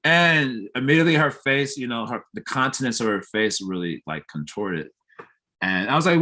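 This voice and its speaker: A man teaching a morning class in a temple, speaking at an ordinary middle pitch. He explains through homely comparisons and keeps asking his listeners whether they follow. Short chuckles run through his stories. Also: animated, normal speed, pushed and bright. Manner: explains with homely comparisons, often checks understanding with questions; laughs easily while telling stories. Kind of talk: scripture class.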